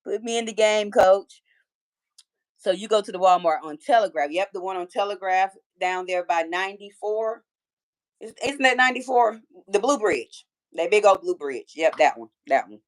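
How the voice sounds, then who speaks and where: Expressive and moderately paced, her mid-range voice carries a Detroit accent. The woman, in her forties, hosts a laid-back livestream, bantering with viewers, reading their comments, and trash-talking in fun.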